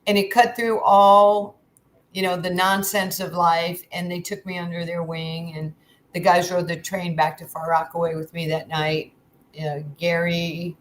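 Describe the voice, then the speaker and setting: A woman's voice: lowish voice, normal speed, a little hiss or hum, rough recording. A woman in her sixties from New York, a guest telling candid stories in casual chat and acting out the dialogue. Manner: lively, candid storyteller acting out quoted dialogue. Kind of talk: casual storytelling.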